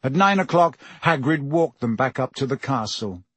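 Husky male audiobook narrator. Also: mid-range voice, moderate pace, no echo. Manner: steady storytelling. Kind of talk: scripted narration.

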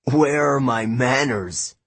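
A man reading an audiobook voices a smooth, mocking young male villain. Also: mid-range voice, takes it slowly, no echo.

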